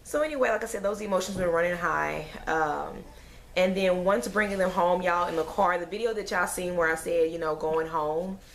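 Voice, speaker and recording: A woman's voice: fairly low pitch, moderate pace, a little hiss or hum. A woman, a mother, chatting to camera in a rambling, emotional way with sighs and fillers. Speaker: mother vlogger. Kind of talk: casual chat to camera.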